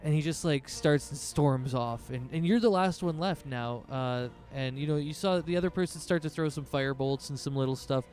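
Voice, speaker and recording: A man's voice: on the high side, moderate pace, few pauses, a little mellow, faint music behind. A man narrating as game master in a loose, rambling way, with lots of fillers.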